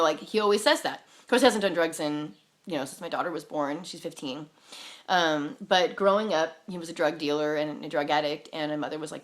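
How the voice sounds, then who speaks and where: Candid woman rambling with swear words. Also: deep voice. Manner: profane, many "like" fillers and restarts; candid, defiant. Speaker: vlogger sharing spiritual stories. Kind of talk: casual rambling monologue.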